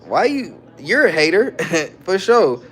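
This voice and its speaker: A man's voice: high voice, very animated, slow, a bit bright, slightly rough. A man hosting a casual livestream, talking loosely in slang as he reads viewer comments aloud and answers them. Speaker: livestreamer reading chat. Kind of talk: casual live-stream chat.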